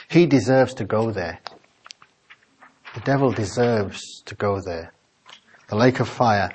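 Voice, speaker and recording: A man preaching a Bible-study sermon in a small office meeting room. He reads scripture aloud and builds to fervent, loud exclamations. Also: on the low side, a little hiss or hum, low-quality recording.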